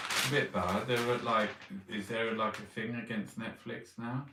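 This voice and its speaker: A man's voice: lowish voice, steady tone, moderate pace, distant mic, heavy background noise. A man reading newspaper headlines aloud and ranting about them in a sweary, mocking way. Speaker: vlogger reviewing newspapers. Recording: roomy echo, voice set back from the mic.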